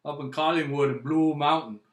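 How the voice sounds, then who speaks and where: A man's voice: fairly high pitch, fairly even intonation, a little fast, reverberant. A Canadian man hosting a casual record review, rambling and chatty, with frequent tag questions. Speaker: music vlog host.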